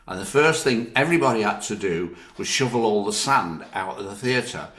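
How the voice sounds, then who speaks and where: An older man with a Northern English accent, an actor, tells anecdotes in an interview in a lowish voice at normal speed. He's lively, laughs often and quotes others in their own voices, with a roomy echo on the recording.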